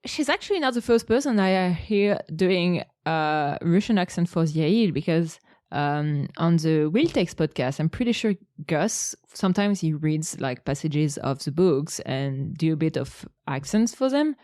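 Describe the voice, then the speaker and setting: Hesitant woman with a mellow, low voice. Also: animated, unhurried, no echo, clean studio sound. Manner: hesitant, many fillers. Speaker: podcast co-host. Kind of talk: casual chat.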